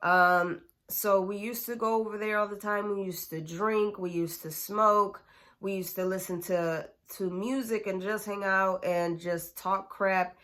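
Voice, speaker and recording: A woman's voice: mid-range voice, steady tone, a little slow, fairly bright tone. A woman telling a personal story in a casual, chatty way, full of slang and fillers. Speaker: storyteller vlogger.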